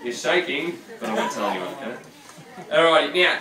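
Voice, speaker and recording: Man, joking showman, high lively voice, echoey room, crowd noise, from a distance. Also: fairly quick. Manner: joking, teasing, chatty. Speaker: reptile show presenter. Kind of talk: live show patter with audience. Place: large room with audience.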